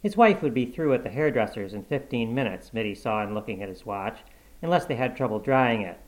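Guy reading a story out loud, steady and measured, mid pitch. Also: rough recording. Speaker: narrator.

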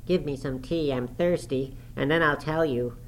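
A man's voice: a little high, moderate pace, slight background noise, pitched above the performer's own voice, natural voice. A man voicing Linton, a sickly, petulant teenage boy who makes whiny, peevish demands in a raised voice.

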